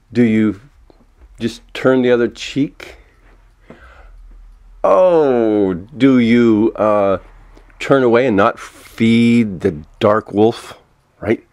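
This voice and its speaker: A man in his seventies ranting alone at home, swearing a lot and swinging between angry outbursts and a soft, mock-gentle tone. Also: on the low side. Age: 70s. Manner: frequent swearing and self-mocking laughs. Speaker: vlogger. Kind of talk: unscripted solo rant. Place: walking around indoors at home.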